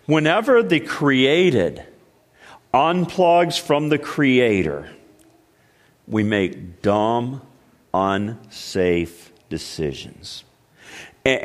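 A male pastor preaching a sermon, with emphatic delivery and many repeated starts, dropping low and slow to stress a point. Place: church sanctuary. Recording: long reverb of a large hall.

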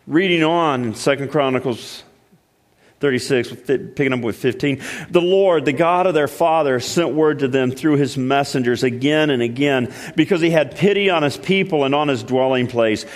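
A male pastor preaching a sermon, with emphatic delivery and many repeated starts, dropping low and slow to stress a point. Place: church sanctuary. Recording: long reverb of a large hall.

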